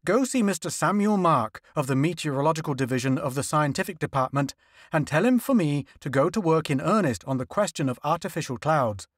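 A man's voice: fairly high pitch, lively intonation, fairly quick, dry recording, clean studio sound. A man voicing an imperious, wealthy male newspaper magnate who fires off demanding, impatient questions. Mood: brisk, demanding.

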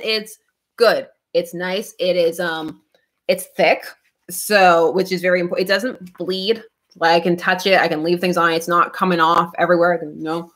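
A woman's voice: medium pitch, fairly bright tone. A woman hosting a casual comic book club livestream, talking in a rambling way with many restarts and laughs. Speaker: comic book channel host.

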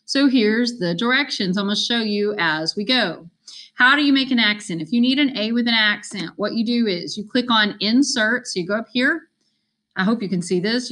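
Chatty woman teacher, bright voice. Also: medium pitch. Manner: chatty, repeats directions step by step. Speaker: Spanish teacher. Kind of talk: screen-recorded lesson walkthrough.

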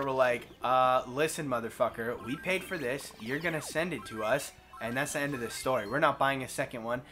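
A man hosting a gaming video, telling a long story in a casual, animated way, acting out quotes and swearing freely. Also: medium pitch, brisk, hardly any pauses, soft background music. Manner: animated, profane storyteller who acts out quotes. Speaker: let's play host.

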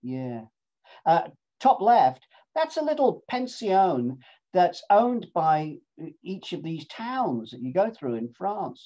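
A man's voice: on the high side, warm tone, dull audio. A man tells cheerful, self-mocking stories from a long cycling pilgrimage in a chatty, playful way. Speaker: speaker presenting his cycling pilgrimage. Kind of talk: casual storytelling talk with travel video clips.

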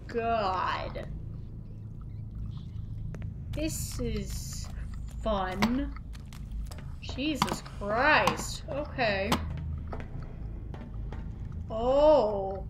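A woman's voice: on the high side, very slow, long pauses, noisy background. A woman playing a horror game and commenting, panicky, swearing and repeating words in frantic bursts. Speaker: let's play gamer.

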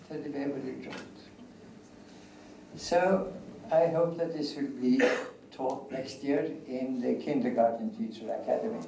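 An older man giving an academic lecture, speaking deliberately and repeating key phrases. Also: a little high. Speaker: guest lecturer. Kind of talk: academic lecture answering questions. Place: lecture hall. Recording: echoey hall, distant mic, faint hiss.

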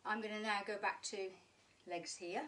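A woman's voice: medium pitch, fairly even intonation, normal speed, a bit bright, far from the mic, a little hiss or hum. A woman teaching a live online fitness class, chatty and encouraging, joking as she works out and slightly out of breath. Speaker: pilates instructor.

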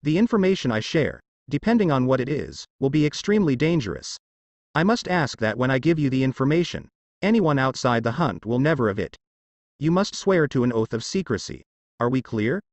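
A man's voice: medium pitch, sing-song, a little fast, dry recording, dull audio. A man voicing a blunt, stern young demigod. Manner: curt, commanding.

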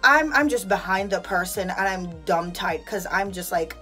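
A young Jamaican woman with a Jamaican accent, vlogging from her bathroom and ranting about pet peeves in an animated, exasperated way. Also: mid-range voice, a little slow, soft background music. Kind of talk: casual vlog chat. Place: bathroom at home.

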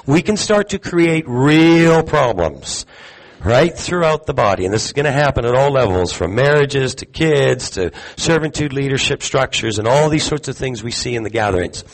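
A man giving a live sermon to a congregation, talking conversationally, putting questions to the room and filling pauses with ums. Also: a little high, poor audio. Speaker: teacher at a congregation gathering. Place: gathering hall with audience.

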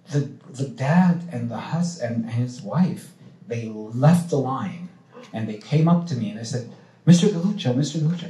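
Animated man telling stories in an echoey hall. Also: medium pitch. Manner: animated, acts out quoted voices, swears freely. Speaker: playwright panelist. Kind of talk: animated storytelling on a panel. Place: cultural institute event hall.

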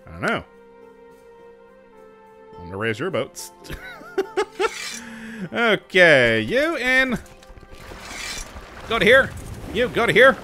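A man with a slightly high, sharp-toned voice does let's-play commentary on his own strategy game. He sounds frantic and pokes fun at himself, often speaking directly to his troops.

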